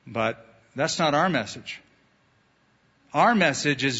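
Bright preacher in a reverberant hall. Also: male voice, fairly high pitch, unhurried, husky. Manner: animated preacher, acts out quoted voices. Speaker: pastor. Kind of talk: sermon. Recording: dull lo-fi sound in a reverberant hall.

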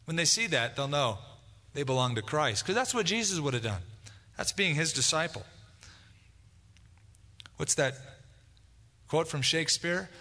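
A man's voice: on the high side, bright, forceful tone. A man preaching a conversational sermon as pastor, acting out quoted dialogue. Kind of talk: expository sermon. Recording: long hall reverb.

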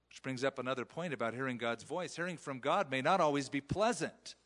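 A man's voice: mid-range voice, brisk, few pauses, fairly bright tone, big-room sound. A male pastor preaching in a conversational sermon style, acting out the quoted voices of parents. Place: church sanctuary.

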